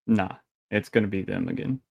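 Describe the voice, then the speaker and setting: A man's voice: on the low side, flat delivery, fairly quick, gravelly, darkish tone, dry recording. A young man in casual podcast chat with friends, laid-back, giving short blunt replies and swearing. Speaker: podcast co-host.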